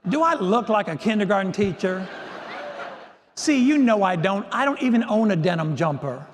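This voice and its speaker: A man giving a keynote talk, telling a story with animated, self-deprecating humor. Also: high-pitched, moderate pace, in a large hall, background noise. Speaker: keynote speaker.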